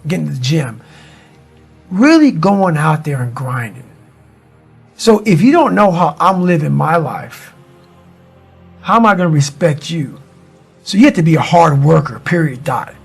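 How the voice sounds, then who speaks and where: A middle-aged American motivational speaker with a higher, gravelly, slightly rough voice gives blunt, profane pep talks, calling listeners "man" and "bro." Faint music plays in the background.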